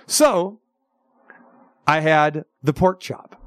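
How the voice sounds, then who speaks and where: A male talk show host telling a long story in a chatty, animated way, with lots of restarts. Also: on the high side, very slow, no echo. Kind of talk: casual storytelling chat.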